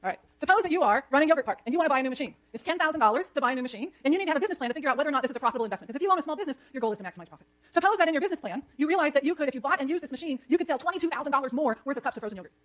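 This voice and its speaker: A woman lecturing an economics class, brisk and jokey, scolding the chatter when it gets too loud. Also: high-pitched, animated.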